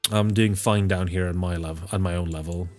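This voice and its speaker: A man's voice: deep voice, fairly even intonation, brisk, a little mellow, soft background music, close to an everyday voice. A man voicing a dry, snarky male detective in a near-natural voice. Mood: deadpan.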